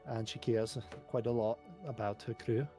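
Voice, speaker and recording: A man's voice: on the low side, little pitch movement, moderate pace, dark tone, soft background music, close to an everyday voice. A man voicing an awkward, shy male dwarf sailor who talks hesitantly and stammers. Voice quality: hesitant, stammering, clears throat.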